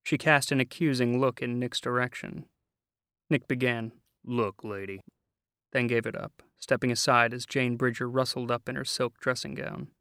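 A man narrating a novel in a measured, wry way, close to the mic. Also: medium pitch, level tone, sharp tone, no echo. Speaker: audiobook narrator. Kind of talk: scripted narration.

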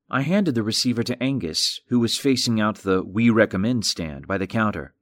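A man narrating a mystery audiobook in an even, wry, measured manner. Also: mid-range voice, dry recording, studio quality. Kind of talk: scripted narration.

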